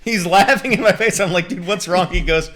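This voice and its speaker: A man's voice: sits high, brisk, fairly bright tone. Eager young man telling a story. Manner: enthusiastic, laughing storyteller. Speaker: podcast co-host. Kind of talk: casual storytelling chat.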